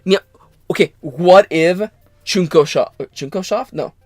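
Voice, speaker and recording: A man's voice: high voice, a little slow, no room sound, soft background music. A man co-hosting an anime reaction video in casual chat, joking and restarting his words. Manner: animated, jokey, stumbling restarts.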